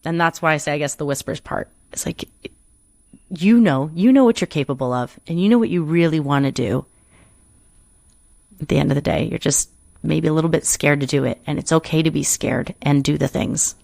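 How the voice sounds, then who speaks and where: A woman's voice: low voice, brisk, vocal fry, darkish tone, dry recording, studio quality. A woman who performs and coaches, talking earnestly in an interview, rambling a little and restarting her sentences often. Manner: earnest, rambling with many restarts and "you know". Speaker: performer and coach, podcast guest. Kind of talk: reflective interview conversation.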